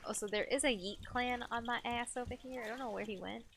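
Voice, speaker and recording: A woman's voice: fairly high pitch, steady tone, brisk, fairly bright tone, slight background noise. A young woman streaming a game live, chatting playfully with her chat and laughing often. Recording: faint game music behind.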